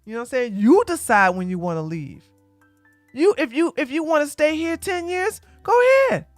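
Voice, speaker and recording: A woman hosting a livestream, talking to viewers in a blunt, emphatic and preachy way that swings from loud to quiet. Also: high-pitched, lively intonation, normal speed, no echo, soft background music. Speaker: livestream host. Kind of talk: casual livestream chat.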